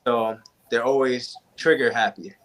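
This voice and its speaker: A young adult man, a guest on a panel, speaks at a measured pace in a medium-pitched voice. He tells stories casually to the group and animatedly acts out the quoted exchanges.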